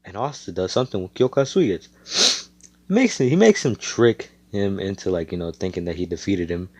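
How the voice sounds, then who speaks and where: A man's voice: low voice, lively intonation, moderate pace. A man casually retelling an imagined anime storyline, rambling with slang and lots of swearing. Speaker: fan storyteller.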